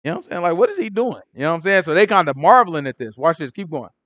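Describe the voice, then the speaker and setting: Animated man retelling scripture in slang. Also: fairly high pitch, rapid-fire, dry recording, lo-fi sound. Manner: animated storytelling, acts out characters in street slang. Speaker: Bible teacher. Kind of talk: casual Bible study teaching.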